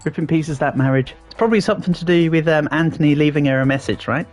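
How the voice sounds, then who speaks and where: A fairly posh southern English man chats playfully with his viewers while gaming on a livestream, reading chat in a slightly high voice at a quick pace. Soft music plays behind him, and he fills his talk with ums and restarts.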